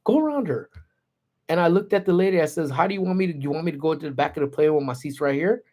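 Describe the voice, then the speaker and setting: A man hosts a casual lunch-break livestream in a fairly high, steady, slightly mellow voice, talking rapid-fire. He's chatty, telling a story and greeting viewers by reading out their names.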